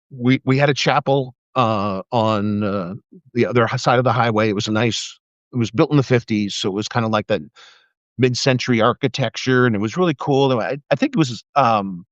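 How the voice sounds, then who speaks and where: A middle-aged man and former police officer rambles through stories on his live stream, swearing freely as he goes. His voice sits at an ordinary pitch for a man. The audio is dull and lo-fi, in a dry, deadened room. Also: no room sound. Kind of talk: casual live-stream monologue.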